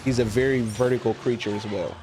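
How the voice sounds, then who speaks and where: A man with a gravelly, fry-edged voice banters through a gaming stream, teasing his co-player and swearing freely. He talks at a middling pitch over faint background noise. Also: fairly even intonation, fairly quick. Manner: teasing, profane, laughs often. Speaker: game streamer. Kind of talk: casual gaming chat.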